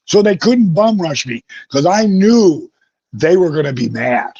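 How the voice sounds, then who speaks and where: In this animated interview, a man who used to wrestle professionally tells outrageous, profane stories, acting out everyone he quotes. His voice is fairly high and husky, expressive yet a little slow and slightly mellow. The audio is dry, with no echo, and has a close, dull lo-fi feel.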